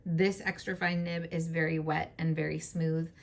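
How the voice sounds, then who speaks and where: A woman's voice: sits low, level tone, normal speed. Scratchy-voiced woman chatting about pens. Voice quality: scratchy, hoarse voice. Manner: chatty, enthusiastic, many fillers. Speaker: fountain pen vlogger. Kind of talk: casual show-and-tell.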